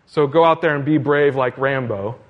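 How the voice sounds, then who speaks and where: A man's voice: mid-range voice, moderate pace, lo-fi sound. A man preaching a sermon in an earnest, repetitive cadence, asking questions as he goes. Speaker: pastor.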